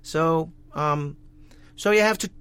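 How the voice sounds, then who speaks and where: Dutch-accented male guest voice actor, halting conversational delivery, slightly higher pitch. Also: sharp tone, smooth. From Netherlands. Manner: halting, many restarts and repeated words. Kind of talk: casual interview chat.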